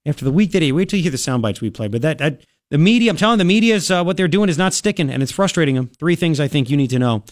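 A man hosting talk radio, his voice sitting fairly high for a man. He talks emphatically, repeats himself and throws in quick asides. The studio sound is close and dry. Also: animated, no echo. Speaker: radio talk show host. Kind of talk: talk radio monologue with live ad read. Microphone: studio microphone.

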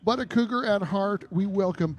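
A man co-hosting a live radio show, briskly reading introductions and questions. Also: high voice. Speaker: radio co-host.

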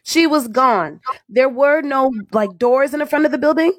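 A woman's voice: sits high, moderate pace, no echo. A woman who works as a radio personality tells a story dramatically in casual chat.

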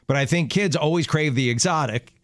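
A middle-aged man co-hosting a talk show, chatting casually and telling stories with quick laughs. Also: fairly high pitch, fairly bright tone, no room sound, clean studio sound. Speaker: radio show co-host. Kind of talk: casual chat.

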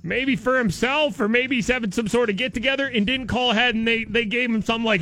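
High-voiced man rambling on morning radio. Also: fast talker, few pauses, pushed and bright, soft background music. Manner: loose, rambling, jokey. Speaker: radio morning show host. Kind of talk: casual radio banter.

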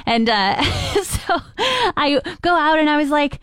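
A woman radio host telling everyday stories in a casual, animated monologue, acting out the quoted exchanges. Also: high voice, slow pace, dry recording, studio quality, soft background music. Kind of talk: chatty monologue with listener call-outs.

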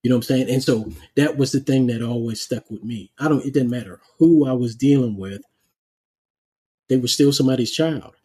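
A man's voice: mid-range voice, brisk, mellow, husky. A man hosting an interview podcast, a former police chief who tells stories with animation and acts out the dialogue. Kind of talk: conversational interview storytelling.

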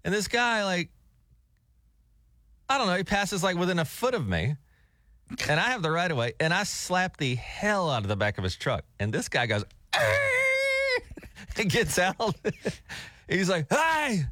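Middle-aged guy on the radio, chatty and animated, pitch swings all over. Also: normal speed, pauses often, no room sound, clean studio sound. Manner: animated storyteller, laughs often. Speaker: radio host. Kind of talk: casual on-air chat. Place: radio studio.

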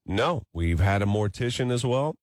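A man hosting a live morning radio show, presenting a segment in an animated, emphatic way. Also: fairly low pitch, moderate pace, dry recording, studio quality.

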